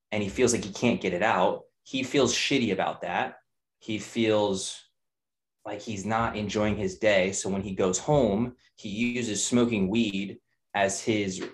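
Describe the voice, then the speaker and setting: Candid, cursing man with a low voice. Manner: candid, profane, repeats ideas in chains. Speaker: nutrition coach and personal trainer, podcast guest. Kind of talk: casual podcast talk.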